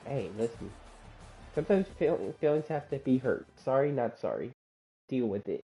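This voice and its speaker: A woman's voice: a bass voice, animated, moderate pace, mellow, faint music behind, low-quality recording. A woman in casual chat, talking brash, defiant trash talk with swearing.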